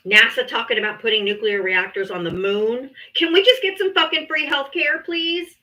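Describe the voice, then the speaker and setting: Blunt, bright-voiced woman streamer. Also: a little high, normal speed, low-quality recording. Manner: blunt, profane and exasperated. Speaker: livestream debate host. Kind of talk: casual livestream talk.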